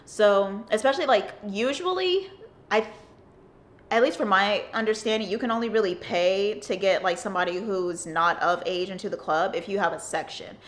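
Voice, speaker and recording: Girl just rambling thru a story, like like like, normal pitch. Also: normal speed. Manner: rambling, filler-heavy, with frequent "like". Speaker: vlogger. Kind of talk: casual storytime.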